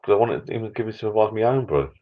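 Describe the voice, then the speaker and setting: A middle-aged man with a lowish, animated voice talks in rapid-fire bursts, rambling casually on a live stream from his backyard shed bar, a small indoor room. He sounds a bit tired and a few beers in, swearing mildly. The stream audio is dull and lo-fi.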